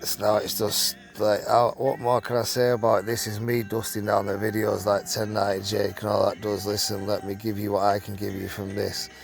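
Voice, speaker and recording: A low, gravelly northern English man reads a true crime article out loud on his vlog. He keeps cutting in with blunt, sweary asides. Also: completely flat delivery, a little fast, hardly any pauses, soft background music. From England. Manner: blunt, swears freely, breaks off into commentary. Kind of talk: reading an article aloud with casual asides.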